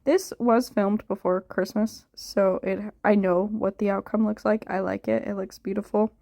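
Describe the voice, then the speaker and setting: A woman's voice: mid-range voice, fairly even intonation, normal speed, vocal fry, dark tone, no room sound. A tired young woman chatting casually about dyeing her hair, rambling and unsure with lots of filler words. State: tired, yawning. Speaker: hair dye vlogger. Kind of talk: casual voice-over chat.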